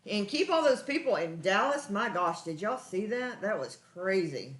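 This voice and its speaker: Texan woman, live cooking host, earnest folksy chatter, mid pitch, echoey kitchen. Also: very animated, moderate pace. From Texas. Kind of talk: live cooking stream chat. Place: home kitchen.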